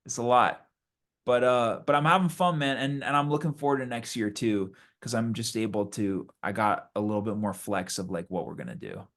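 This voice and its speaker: A man's voice: fairly low pitch, lively intonation, a little fast, fairly bright tone. Easygoing young man in casual chat. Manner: easygoing, laid-back, uses slang.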